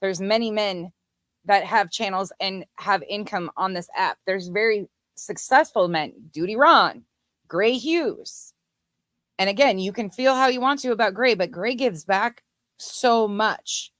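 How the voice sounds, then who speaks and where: Woman host, mid-pitched, blunt sarcastic commentary, dry close mic. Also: unhurried, fairly bright tone, no echo. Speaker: commentary streamer. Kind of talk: casual commentary.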